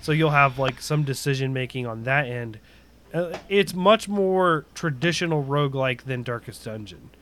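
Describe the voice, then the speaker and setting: A man's voice: medium pitch, expressive, moderate pace, a bit bright. A man chatting casually about a video game, rambling with lots of fillers and restarts.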